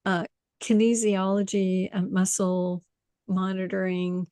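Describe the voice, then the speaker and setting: A woman coach in casual conversation, telling a lively story, acting out quotes and often laughing. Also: mid-range voice, slow, smooth, dry recording. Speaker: intuition coach.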